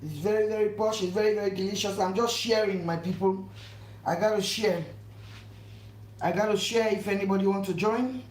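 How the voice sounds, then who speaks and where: A woman's voice: mid-range voice, steady tone, brisk, a little mellow. Echoey woman hosting a live cooking stream. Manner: repetitive, effusive, keeps urging viewers to subscribe. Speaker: cooking channel host. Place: home kitchen during a live cook. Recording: echoey room with faint background noise. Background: faint household noise.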